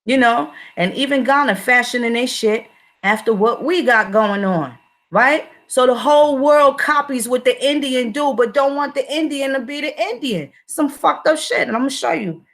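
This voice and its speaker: A woman's voice: high voice, normal speed, a bit bright. A woman giving a profane, repetitive livestream commentary, speaking in a confrontational way.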